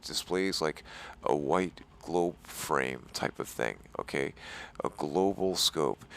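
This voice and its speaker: A man's voice: sits low, creaky, fairly bright tone. A man hosting a game settings walkthrough, exasperated and rambling, calling the viewer "dude" and insisting he is staying chill. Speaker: gaming tutorial host.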